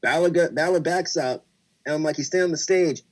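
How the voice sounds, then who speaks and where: A man co-hosting a casual wrestling podcast, talking excitedly and acting out his own reactions as he recaps a show. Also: a little high, a little fast. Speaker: podcast co-host.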